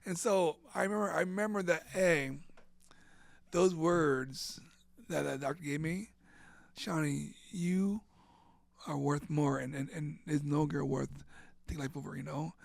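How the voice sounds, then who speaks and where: A man in his fifties, an interview guest telling his personal story in an animated way, often repeating words and acting out what others said. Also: on the high side, unhurried, vocal fry, long pauses, dry recording. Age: 50s. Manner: animated, acts out quoted voices, repeats words.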